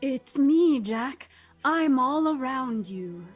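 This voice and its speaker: A woman voicing a lovesick female ocean liner in a comedy reading, soft and sing-song. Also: sits high, lively intonation, slow pace, faint music behind, exaggerated voice. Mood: eerie.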